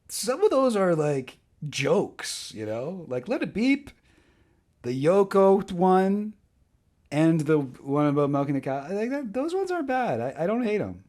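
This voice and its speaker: A man hosting a casual comedy video, reading jokes in a mock stand-up delivery and chatting about them. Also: normal speed. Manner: animated, mock stand-up delivery with lively pitch swings.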